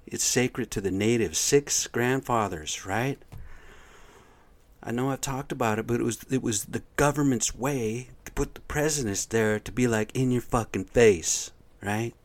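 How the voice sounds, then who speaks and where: A man's voice: medium pitch, moderate pace. A man talking to listeners in a rambling, profane, agitated monologue. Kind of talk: ranting casual monologue.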